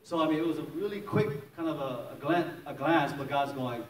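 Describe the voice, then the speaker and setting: A Maryland pastor tells his testimony during a sermon, his fairly high voice moving at a fairly quick clip. He acts out scenes and laughs often in lively storytelling. The recording is distant and echoey, with faint background noise.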